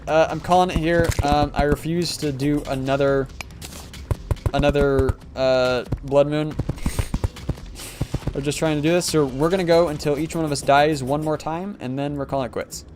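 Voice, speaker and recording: A man's voice: fairly high pitch, fairly even intonation, normal speed, background noise. Sarcastic, rambling male game streamer. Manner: joking, sarcastic, rambling with many fillers. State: sleepy, yawning. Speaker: gaming livestreamer. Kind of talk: casual livestream commentary.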